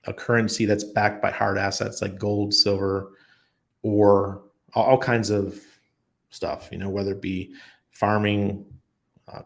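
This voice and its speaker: A middle-aged man hosting a livestream, answering viewers with blunt, emphatic opinions. His voice is low and gravelly, with plenty of fry at the ends of phrases. He tells stories animatedly and pushes his points hard. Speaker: crypto channel host.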